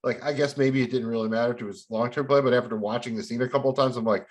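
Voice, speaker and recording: A man's voice: mid-range voice, steady tone, fast, hardly any pauses. A man co-hosting a podcast, explaining plot points in long run-on sentences full of fillers. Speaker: podcast co-host. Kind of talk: casual chat.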